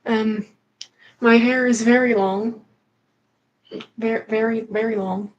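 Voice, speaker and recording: Slow, halting young-sounding woman. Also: a little high, fairly even intonation, highs cut off, a little hiss or hum. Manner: halting, full of fillers and restarts. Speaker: guest filling in on a livestream. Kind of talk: hesitant casual chat.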